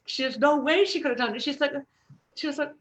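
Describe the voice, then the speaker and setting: A woman's voice: sits high, quick pace, fairly bright tone. A middle-aged woman voice coach who talks casually and expressively, demonstrating sounds and encouraging the listeners. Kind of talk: casual chat with vocal demos.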